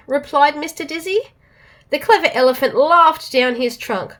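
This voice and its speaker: A woman with an Australian accent reading a storybook aloud to children, expressive and animated. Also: high-pitched, moderate pace.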